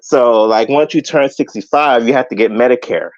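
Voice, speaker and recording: A man's voice: medium pitch, normal speed, dry recording, highs cut off. A man calling in to a live show, rambling and filling his talk with "like" and "you know". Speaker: caller. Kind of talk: call-in opinion.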